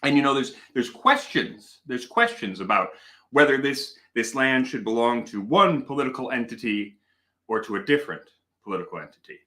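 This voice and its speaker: Bright, lively male live stream host. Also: mid-range voice, moderate pace. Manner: playful, rambling, mock-serious storytelling. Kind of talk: casual live stream chat.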